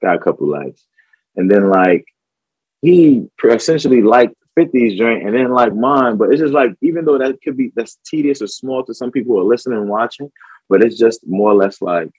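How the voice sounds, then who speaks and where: A man's voice: mid-range voice, lively intonation, brisk, a little mellow, slightly rough, dry recording, lo-fi sound. A man talking as a podcast guest about his filmmaking, reflective and full of fillers and restarts. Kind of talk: casual conversation.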